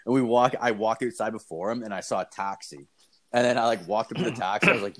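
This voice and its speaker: Talking at a quick pace in a fairly low voice, this twenty-something podcast co-host spins a meandering story full of swearing and filler words. It's a casual storytelling chat.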